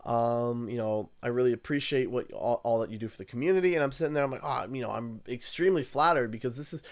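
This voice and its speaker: A Canadian man streaming live, chatting casually and telling an animated anecdote while acting out what others said. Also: medium pitch, quick pace. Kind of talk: casual livestream storytelling.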